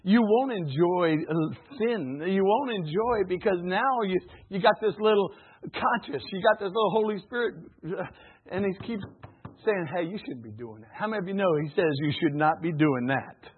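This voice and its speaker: A man delivering a sermon in a high, husky voice. He swings from loud exclamations to quiet, chuckling asides. The sound is tinny and narrow, like a radio broadcast. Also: normal speed. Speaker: preacher.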